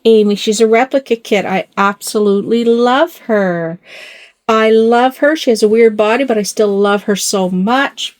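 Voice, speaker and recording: A woman's voice: fairly high pitch, normal speed. A middle-aged woman chatting casually to her phone camera in a bedroom at home, rambling with lots of fillers and asides. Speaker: doll collector vlogger.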